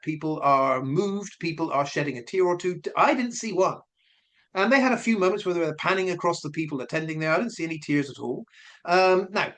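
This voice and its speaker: A man talks through his suspicions in a loose, chatty commentary. His voice sits a little high and swings widely in pitch as he questions and repeats himself. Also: a bit bright. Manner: questioning, speculative, repeats points. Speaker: commentary vlogger. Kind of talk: casual spoken commentary.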